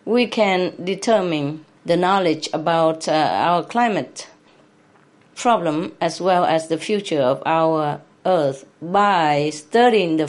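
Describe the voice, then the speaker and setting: A woman answering a question in an earnest, heartfelt way, repeating her phrases and laughing between them. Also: low voice. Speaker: invited speaker answering questions.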